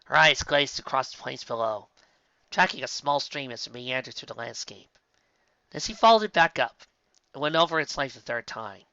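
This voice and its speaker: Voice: medium pitch, expressive, moderate pace, bright, forceful tone, no room sound. An audiobook reader expressively reading fan fiction aloud, with occasional slips, on a slightly dull, dry recording.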